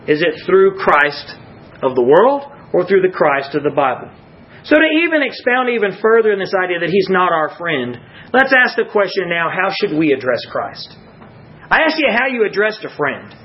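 A man preaching a sermon to a congregation, rising to emphatic peaks and dropping to hushed low lines. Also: lo-fi sound.

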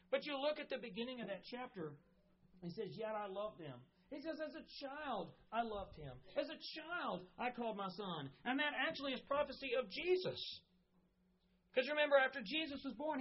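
A woman pastor preaching a sermon in an earnest, conversational way, reading scripture aloud and correcting herself as she goes. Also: a little high. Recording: dull lo-fi sound.

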